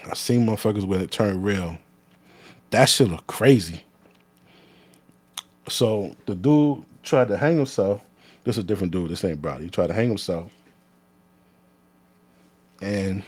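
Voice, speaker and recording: Give me a man who speaks in a lowish, dry voice and tells a story bluntly and profanely, like the former corrections officer he is. He often stops and restarts his sentences. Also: big pitch swings, unhurried, pauses often, darkish tone, husky, dry recording. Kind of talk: casual storytelling.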